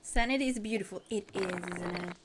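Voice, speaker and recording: A woman's voice: mid-range voice, fairly quick, heavy background noise. A tired woman streaming a building game, chatting casually to her viewers in a sleepy, rambling, self-mocking way. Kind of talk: casual live-stream chat while building.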